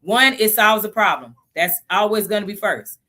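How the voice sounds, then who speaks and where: A woman in her thirties hosting a casual live stream about investing, chatty and animated, laughing often. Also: mid-range voice, normal speed.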